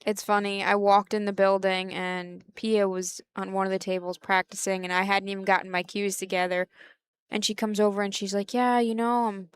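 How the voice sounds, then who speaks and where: Woman, mid pitch, clear, dry close sound, casual co-commentator, chatty storyteller. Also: flat delivery, normal speed, dry recording. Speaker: pool player, co-commentator.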